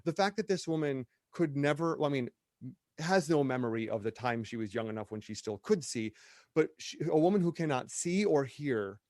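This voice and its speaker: A middle-aged man chatting as a podcast guest, rambling and animated, drifting off on tangents and finding his way back. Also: mid-range voice, moderate pace, no echo, studio quality. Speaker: podcast guest, drag performer. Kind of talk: casual podcast conversation.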